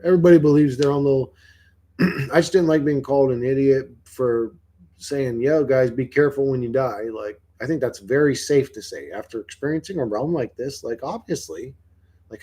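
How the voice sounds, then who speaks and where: Husky-voiced man rambling on a stream. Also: medium pitch, normal speed, warm tone. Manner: rambling, profane, questioning. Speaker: livestreamer. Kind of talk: casual livestream chat answering viewers.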